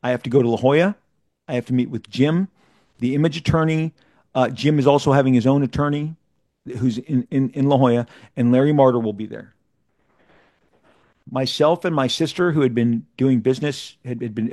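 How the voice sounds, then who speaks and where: A man in mid-range pitch tells a long story as an interview guest. He is animated and often trips over his words, restarting phrases and repeating himself as he pushes ahead. The recording is dry and close, with no room around it. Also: a little fast, no room sound. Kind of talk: casual anecdotal storytelling.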